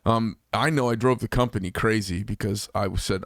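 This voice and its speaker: A man's voice: fairly low pitch, steady tone, brisk, dry recording, studio quality. A man hosting a casual interview chat who laughs easily and agrees readily. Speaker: podcast host.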